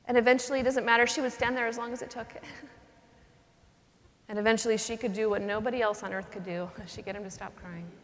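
A woman, a religious sister, giving a talk and telling a personal story, earnest and animated, with her voice dropping soft in tender moments. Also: on the high side, quick pace, a little hiss or hum. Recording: long reverb from a hall.

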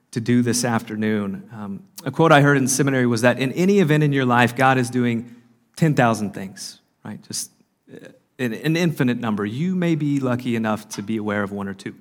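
A man speaking earnestly at a marriage conference, giving a faith-based talk with frequent fillers and restarts. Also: mid-range voice. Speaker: conference speaker and podcast host. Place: conference hall.

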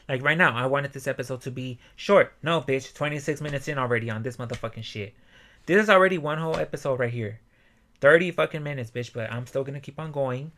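A young man hosting a motivational podcast alone, swearing a lot and breaking into loud yelling. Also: mid-range voice, brisk. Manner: profane, animated, bursts into yelling. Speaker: podcast host.

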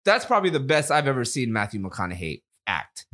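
A man telling stories in casual podcast chat, relaxed, with trailing pauses and fillers. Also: medium pitch. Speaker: podcast co-host.

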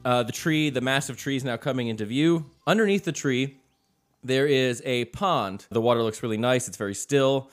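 A man running a tabletop game as game master, narrating scenes in a relaxed way with frequent chuckles. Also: mid-range voice, moderate pace, faint music behind.

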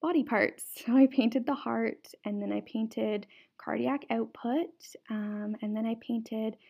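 Earnest young woman with a gravelly voice. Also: a little high, steady tone, unhurried, darkish tone, lo-fi sound. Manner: earnest, repeats words for emphasis. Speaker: podcast host. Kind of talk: personal storytelling monologue.

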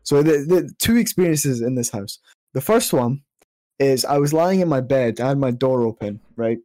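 A man's voice: medium pitch, animated, normal speed, mellow, no echo. A young man hosting a podcast, chatty and jokey with frequent swearing. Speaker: podcast host. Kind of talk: casual podcast chat.

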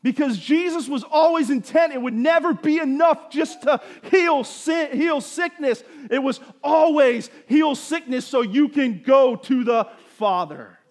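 Man preaching a sermon, high voice, emphatic bursts and quiet asides. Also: measured pace, hardly any pauses. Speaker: pastor.

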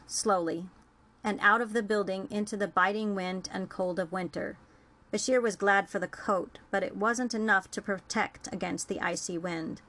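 A woman reading her own fan fiction chapter aloud in a measured, earnest storytelling voice. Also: mid-range voice. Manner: measured, earnest storytelling with small self-corrections. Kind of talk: audiobook-style reading.

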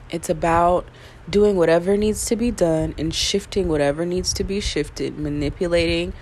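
A woman's voice: lowish voice, darkish tone, slight background noise. A woman vlogging in a casual, rambling monologue, frank and swearing freely, while getting over an illness with yawns and coughs. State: recovering from illness, yawning and coughing. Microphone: self-recorded.

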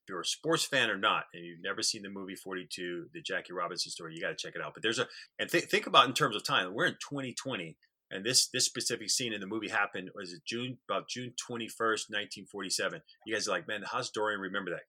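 Low, bright-toned man retelling a film scene. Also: quick pace. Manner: earnest, repeats words when starting sentences. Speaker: podcast co-host. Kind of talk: casual conversational storytelling.

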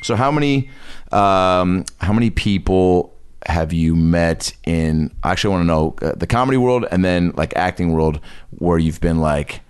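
A man co-hosting a comedy podcast, chatting casually with rambling questions and quick jokes. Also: low-pitched, darkish tone, smooth. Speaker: podcast co-host. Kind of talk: casual chat.

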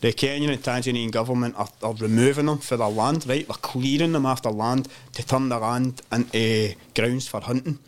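A Scottish man, a podcast guest, telling animated, sweary travel anecdotes in casual chat, peppered with "mate" and "man". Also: mid-range voice, moderate pace, hardly any pauses.

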